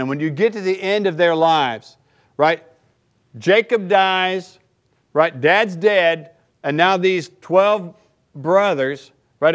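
Man preaching, tagging lines with "right?". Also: a little high. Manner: conversational, keeps asking "right?". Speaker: pastor. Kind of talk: sermon.

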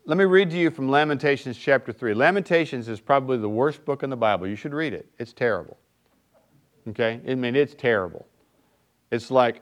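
A man preaching a sermon in a relaxed, conversational way, often checking in with his listeners. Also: mid-range voice, normal speed. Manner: conversational, keeps asking "right?". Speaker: pastor.

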